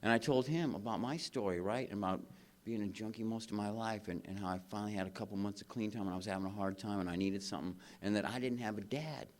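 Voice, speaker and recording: A man's voice: lowish voice, fast talker. A man speaking at a recovery convention, talking in a casual, slangy way from a stage microphone. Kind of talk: recovery speech.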